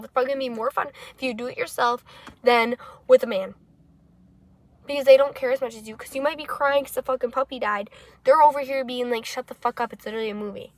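A woman's voice: high-pitched, no room sound. A young woman co-hosting a casual podcast from a parked car, blunt and swearing constantly as she rants and jokes. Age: young adult. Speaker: podcast co-host. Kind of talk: casual chat.

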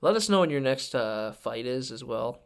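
Smooth-voiced man cracking dry jokes. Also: mid-range voice, lively intonation, normal speed. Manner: jokey, dry one-liners. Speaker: podcast co-host. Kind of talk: casual chat.

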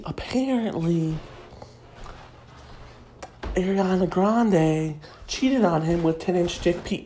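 Woman, comedy host, snarky, crude, gossipy, mid-pitched voice. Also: warm tone, a little hiss or hum.

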